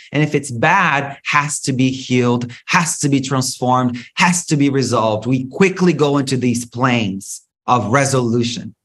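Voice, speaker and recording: A man hosting a solo spiritual podcast, talking in an animated, profane, rant-like way with big swings in pitch. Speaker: podcast host.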